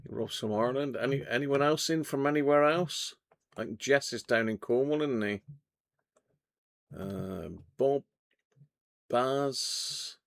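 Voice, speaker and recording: Bloke on a livestream, bit of fry in his voice, chatty and jokey. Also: mid-range voice, takes it slowly, pauses often. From Devon, England. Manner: chatty, jokey, reads out viewer comments. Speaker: livestream host. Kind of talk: casual live chat. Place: home radio workshop.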